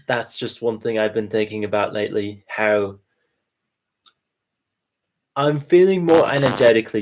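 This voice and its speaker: A man guest speaking at an ordinary pitch in a reflective spiritual talk. He is thoughtful and unhurried, and he pauses on hesitant fillers as he goes. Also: a little mellow.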